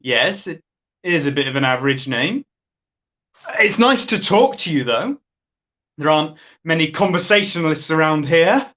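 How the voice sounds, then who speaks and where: A woman's voice: low voice, expressive, moderate pace, pauses often, fairly bright tone. A woman playing a boastful, sleazy office boss. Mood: chatty. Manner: boastful and flirtatious. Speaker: sketch performer. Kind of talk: comic monologue on a phone call.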